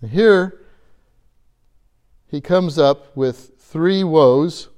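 A man's voice: fairly high pitch, drawn-out words, a little mellow. A man preaching a conversational sermon, earnest, asking his listeners questions and repeating phrases for emphasis.

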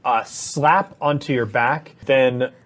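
Man, game master, mid-pitched, playful, narrating monster turns. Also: expressive, unhurried.

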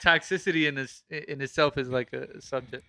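A man in casual podcast chat, calm and reflective, laid back. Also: medium pitch, normal speed, dry recording, studio quality.

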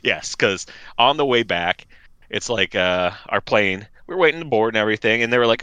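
A man tells a travel story in loose, rambling casual chat, stacking fillers and restarts. His voice is bright and forward. The sound is dry and close. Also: fairly low pitch, animated, a little fast, smooth, no room sound, lo-fi sound. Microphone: remote call mic.

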